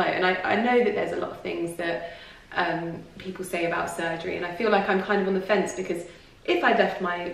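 A woman's voice: medium pitch, recorded from a distance. A woman vlogger chatting to camera in a rambling, confiding way, full of restarts and fillers. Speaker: lifestyle vlogger. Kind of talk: casual personal talk to camera. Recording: very echoey room, voice from off the mic.

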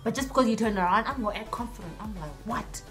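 A young woman vlogger telling a story in a lively way, acting out the dialogue in different voices. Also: on the high side, rapid-fire, soft background music. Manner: animated, acts out dialogue in voices. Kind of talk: storytime vlog.

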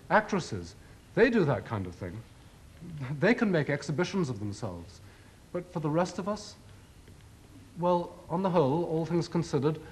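Animated man giving a lecture. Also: fairly high pitch. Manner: measured, rhetorical, ironic emphasis. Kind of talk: formal televised lecture.

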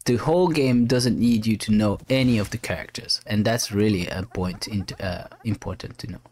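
A male game developer giving let's play commentary in a halting way, with many restarts. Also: on the low side, darkish tone.

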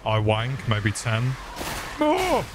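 A man's voice: mid-range voice, lively intonation, measured pace, background noise. A young man streaming a game, grumbling and joking crudely with lots of swearing as he plays. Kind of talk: live gameplay commentary. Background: game music.

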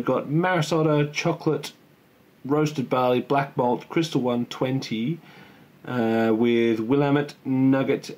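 A young man with a mid-range, darkish voice reviews a home-brewed beer in a casual tasting vlog. He chats and rambles while tasting, often poking fun at himself.

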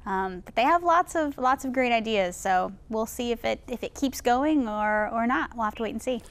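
A woman's voice: a little high, normal speed. A young woman actress, a guest in a casual interview, speaking in a bubbly way with frequent restarts.

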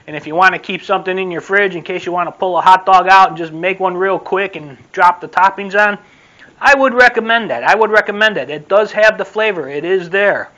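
A man's voice: sits high, fairly even intonation, brisk, hardly any pauses, sharp tone, low-quality recording. A man casually reviewing a sauce on his vlog, repeating himself in a loose, rambling way. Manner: repetitive, rambling, friendly sign-off. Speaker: food vlogger. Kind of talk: casual taste-test review.

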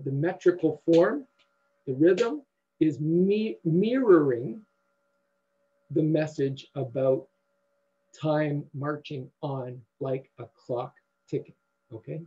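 A man giving a university lecture in a halting way, with many fillers and restarts. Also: a little high, mellow, dull audio, a little hiss or hum.

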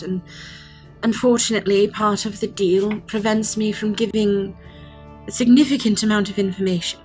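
A woman's voice: mid-range voice, natural voice. A woman voicing a distressed female centaur, once human, who stammers and apologizes as she speaks.

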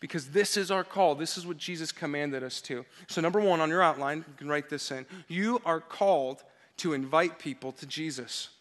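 Man, pastor, high voice, energetic sermon, emphatic preaching, call-and-response. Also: moderate pace. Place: church service.

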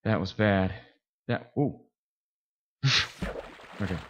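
A man narrating his own gameplay as a let's play, excitable and quick to yelp and groan when things go wrong. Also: on the low side, slight background noise, low-quality recording. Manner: excitable, yelps and groans at in-game threats. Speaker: gameplay commentator.

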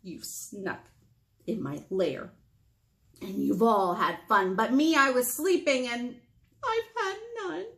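A woman's voice: mid-range voice, animated, takes it slowly, fairly bright tone. A woman doing a sulky, grumbling storybook bear. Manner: sulky, complaining. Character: big grumpy male bear, just woken.

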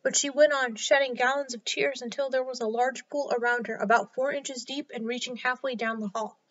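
A woman reads a children's story aloud with clear, expressive delivery. Her voice is high and bright. The recording is a little dull and lo-fi. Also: fairly quick. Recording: slightly dull lo-fi sound.

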